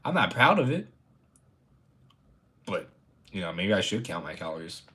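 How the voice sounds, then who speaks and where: A man's voice: sits low, big pitch swings, moderate pace, pushed and bright. A young man chatting casually on a livestream. He rambles, stammers through restarts and laughs often. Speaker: streamer.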